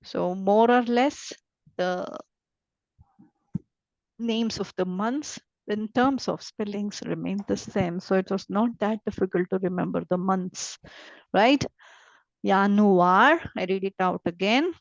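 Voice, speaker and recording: A woman with an Indian English accent teaching a beginners' German lesson, patiently repeating each word slowly. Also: mid-range voice, gravelly, darkish tone, dry recording. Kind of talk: slow online language lesson. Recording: dull lo-fi dry sound.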